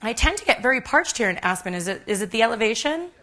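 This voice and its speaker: A woman's voice: on the high side, lively intonation, fast talker, sharp tone. A woman in her thirties giving a live cooking demonstration on a conference stage, chatty and self-deprecating with many ums. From United States.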